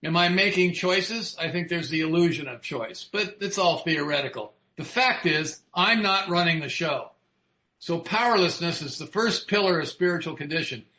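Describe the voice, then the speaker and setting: A man's voice: on the high side, expressive, normal speed, sharp tone, echoey room. A man speaking frankly about recovery, swearing freely and asking his listeners rhetorical questions. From United States. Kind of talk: recovery talk.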